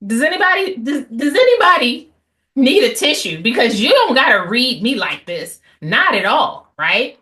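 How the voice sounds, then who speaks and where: A woman's voice: on the high side, very animated, normal speed, bright, forceful tone. A woman teaching a class on healing, speaking bluntly and with animation, with asides and mock voices. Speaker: class host on healing after infidelity. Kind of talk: lively lecture to an audience.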